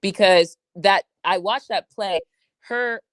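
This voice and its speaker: A woman's voice: medium pitch, slow, dry recording. A woman co-hosting a basketball podcast, breaking down plays in loose, profane chat and acting out players' reactions. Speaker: sports podcast co-host.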